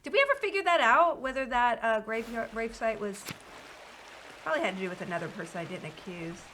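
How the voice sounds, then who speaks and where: A woman's voice: on the high side, animated, a little fast, noisy background. A woman streaming a video game, chatting casually with viewers and reading game dialogue aloud. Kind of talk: casual live-stream chat.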